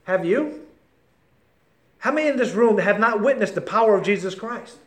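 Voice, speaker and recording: Impassioned high-voiced male preacher, echoey room. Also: lively intonation, normal speed. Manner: impassioned, swings between shouting and near-whispering; addresses listeners by name. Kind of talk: sermon.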